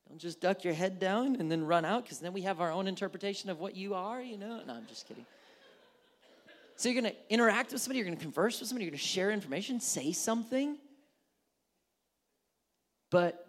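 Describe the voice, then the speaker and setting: A man's voice: high-pitched, a little fast, pauses often. A man preaching a casual, conversational sermon as pastor, acting out little dialogues in changing tones. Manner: animated, acts out little dialogues with shifting tones.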